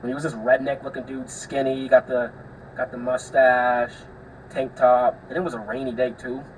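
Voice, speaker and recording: A young man hosting his podcast tells a rambling, profane story in casual solo chat, full of filler words and restarts. His voice sits at a middling pitch. It is picked up from a distant mic over a faint air-conditioner hum. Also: flat delivery, moderate pace. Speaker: podcast host.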